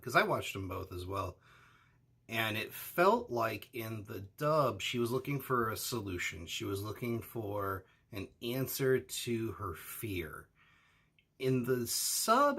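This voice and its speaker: Gravelly, husky male podcast co-host. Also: fairly low pitch, bright, forceful tone. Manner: asks questions, hedging with fillers like "uh" and "you know". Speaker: anime discussion co-host. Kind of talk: casual analytical discussion.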